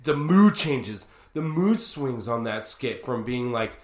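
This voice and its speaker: A man co-hosting a podcast in casual chat, excitable, swearing and repeating himself. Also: mid-range voice, takes it slowly. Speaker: podcast co-host. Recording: roomy echo.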